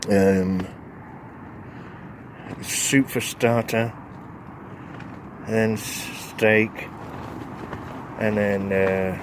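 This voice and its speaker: A man's voice: lowish voice, little pitch movement, very slow, long pauses. A man chats casually to his camera from inside a tent. He rambles and chuckles between thoughts, and faint wind and traffic noise sit behind his voice. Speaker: wild camping vlogger.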